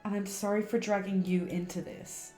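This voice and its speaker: A woman voicing a gentle, guilt-ridden teenage girl ghost from a game, in soft, confessional tones. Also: mid-range voice, flat delivery, moderate pace, roomy sound, faint music behind, close to an everyday voice. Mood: sorrowful. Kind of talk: reading game dialogue aloud on stream.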